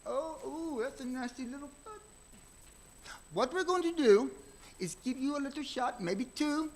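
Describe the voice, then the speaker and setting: A man voicing a kindly older German country doctor with a German accent, chatting cheerfully to hurt children to calm them. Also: extremely high pitch, a little slow, voice pushed up, rough recording. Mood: gentle, coaxing. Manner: cheerful, coaxing bedside chatter to small children.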